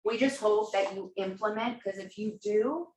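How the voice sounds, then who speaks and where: A woman's voice: mid-range voice, normal speed, a little mellow. A woman co-presenting a casual workshop, giving emphatic, encouraging advice to the audience. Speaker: real estate coach co-presenting a workshop. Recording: echoey room with faint noise.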